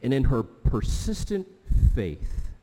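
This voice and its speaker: A male pastor preaching a sermon in a big hall, his words ringing out with a long reverb. His voice is very dark and mellow. He tells his story with animated swings between quiet talk and loud exclamations. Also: medium pitch, slow pace.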